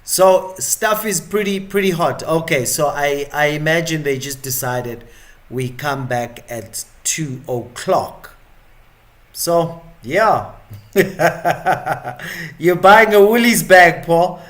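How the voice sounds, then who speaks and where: A man's voice: a little high, takes it slowly, fairly bright tone. A South African man hosting a live stream, chatting and joking in a rambling, casual way.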